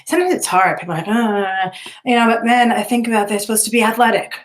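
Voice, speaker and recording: A woman's voice: a little high, fast. A middle-aged woman teacher giving a recorded lecture to students in a conversational way, with many fillers and tag questions.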